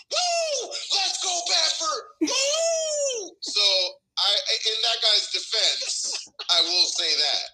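A man on a sports podcast panel, chatting casually and joking in a lively way. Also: fairly high pitch, low-quality recording.

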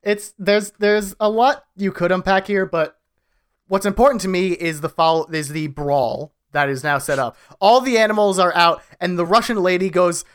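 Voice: medium pitch, moderate pace, clean tone. Giggly podcast co-host telling a movie story. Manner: giggly, animated storyteller, swears. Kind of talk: casual podcast movie recap.

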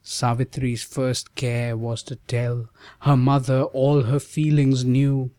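A man narrating a verse ballad audiobook in a measured, rhythmic reading. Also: mid-range voice, level tone, dark tone, no room sound.

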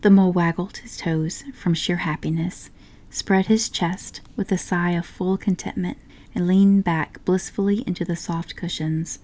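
A woman narrating a storybook in a soft, unhurried whisper. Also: lowish voice, fairly even intonation.

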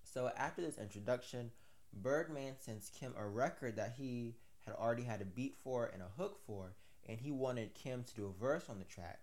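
A man with a mid-pitched voice hosts a casual commentary and recaps a story. He drifts into rambling, chatty asides and corrects himself as he goes. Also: normal speed, a little mellow. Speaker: commentary host.

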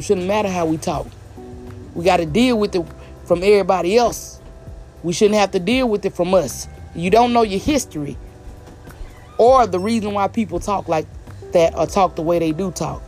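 This is a direct-to-camera opinion rant from a Southern-accented vlogger from the American South, with a mid-range voice and a darkish tone. The delivery is blunt and emphatic, repeating points to hammer them home.

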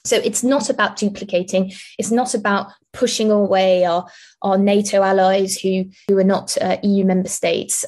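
A woman think-tank analyst giving measured, explanatory answers in an interview, with frequent restarts. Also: medium pitch, a little mellow.

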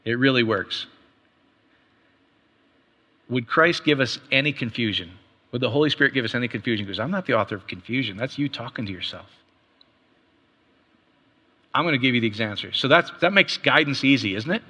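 A middle-aged man preaches in a loose, conversational way, tossing out rhetorical questions as he goes. His voice is bright and forceful, sitting at an ordinary pitch for a man. It carries with a long reverb through a church hall. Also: animated, fairly quick, pauses often. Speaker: pastor. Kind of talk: sermon.

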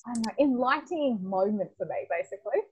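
A young woman with a husky, breathy voice sits as a guest on a podcast. She tells her story in a casual, animated way, acting out dialogue and laughing easily. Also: fairly high pitch, fast talker, highs cut off. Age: young adult.

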